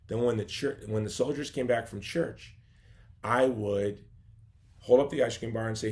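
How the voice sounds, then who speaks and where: Gravelly-voiced man telling his story. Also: medium pitch. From Chicago. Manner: earnest storytelling, drops to quiet asides. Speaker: gala speaker. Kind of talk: personal testimony speech.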